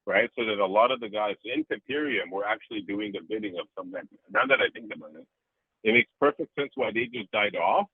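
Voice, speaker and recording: Casual interview guest: husky, animated man, dry tinny phone-like sound. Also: fairly low pitch, a little fast, no room sound. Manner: animated, profane, rambling.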